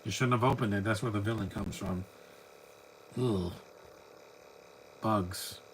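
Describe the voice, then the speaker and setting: A man's voice: fairly low pitch, quick pace, slight background noise, rough recording. A man giving a live movie commentary, chatty and opinionated, full of rambling asides. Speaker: film commentator.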